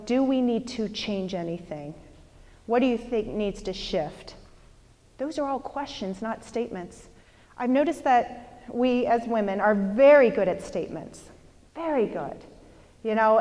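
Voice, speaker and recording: Chatty woman leading a seminar in a hall. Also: a little high. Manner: lively, chatty, asks the audience questions. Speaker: workshop presenter. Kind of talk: motivational seminar talk. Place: lecture hall with an audience.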